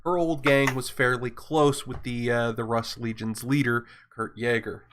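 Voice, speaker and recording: A man running a tabletop game over voice chat as game master, slow and halting with many pauses and restarts. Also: mid-range voice, level tone, fairly bright tone.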